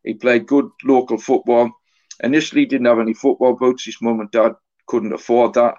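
A middle-aged man speaks as an author and guest on a casual podcast, recalling stories in a halting, anecdotal way. His voice sits low and keeps a flat, even tone with little rise or fall. The audio is slightly dull and lo-fi.

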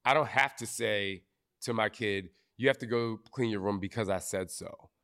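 Man, podcast host, live talk, candid, emotional, low voice. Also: moderate pace, a bit bright. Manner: candid, emotional, swears casually. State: briefly tearful.

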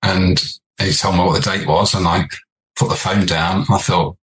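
A very deep-voiced older man from England shares his memories as an interview guest. He talks in a lively, anecdotal way, laughing and restarting his sentences. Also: normal speed, rough recording. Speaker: podcast guest, former band leader. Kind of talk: storytelling interview.

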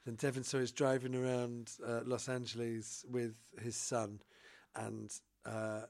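Rambling, gravelly man. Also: medium pitch, a little slow. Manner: rambling, excitable, laughs while telling stories. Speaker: podcast co-host. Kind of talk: casual chat.

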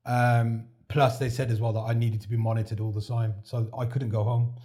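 A man's voice: medium pitch, level tone, brisk, warm tone. A man, a podcast guest, telling his story in a chatty way and acting out what others said to him. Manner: chatty, relives events by acting out quoted dialogue. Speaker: podcast guest, heart transplant recipient. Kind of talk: casual interview storytelling.

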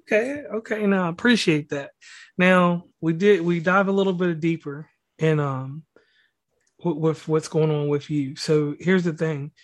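Slightly high-voiced rambling podcast host. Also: male voice, unhurried. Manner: rambling, praising, slangy, many fillers. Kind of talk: casual interview talk.

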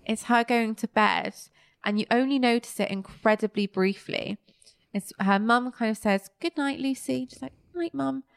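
A woman's voice: a little high, fairly even intonation, moderate pace, clean tone, dry recording, studio quality. A young woman co-hosting a casual podcast, chatting and retelling scenes with little quoted voices. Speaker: podcast co-host. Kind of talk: casual chat reviewing a kids' show.

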